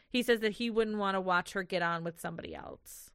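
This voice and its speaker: A woman's voice: mid-range voice, brisk, clear, resonant tone, no room sound, studio quality. A young woman co-hosting a podcast, recapping scenes in chatty run-on sentences and giggling often. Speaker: podcast co-host. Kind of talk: casual recap chat.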